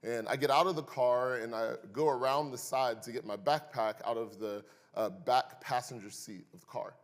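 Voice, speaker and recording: A young man preaches in a church sanctuary, his voice carrying a long reverb through the hall. His pitch sits in an ordinary middle range. He tells stories with animated swings and slips in dry, joking asides to the congregation. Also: normal speed. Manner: animated, building to loud emphasis in stories. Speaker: pastor. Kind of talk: sermon with personal storytelling.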